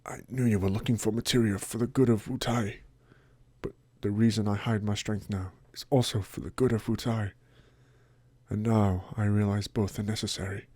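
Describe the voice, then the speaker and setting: A man's voice: fairly low pitch, steady tone, normal speed, warm tone, dry recording, pitched below the performer's own voice, close to an everyday voice. A man voicing a stern older lord and father in a let's play, with a solemn, lecturing delivery.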